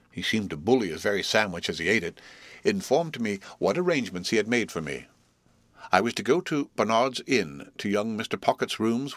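Male audiobook narrator, low voice, dry close recording, measured telling. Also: fairly bright tone, dry recording. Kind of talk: scripted narration.

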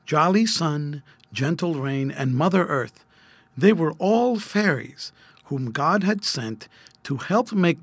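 A man reading an old-fashioned children's story aloud, gentle and expressive. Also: fairly high pitch, no room sound. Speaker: narrator.

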